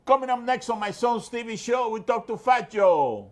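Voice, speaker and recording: Older man, high voice, very lively pitch, teasing, casual sports talk co-host. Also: normal speed. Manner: teasing, short interjections. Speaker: co-host, father of the host. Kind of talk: casual chat.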